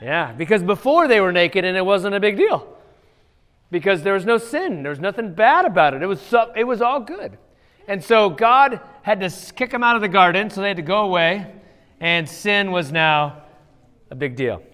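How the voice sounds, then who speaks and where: High-voiced man teaching kids in echoey hall. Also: lively intonation, a bit bright, smooth. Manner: asks quick questions of kids. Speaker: children's ministry teacher. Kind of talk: Bible story review with children. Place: church children's room. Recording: long hall reverb.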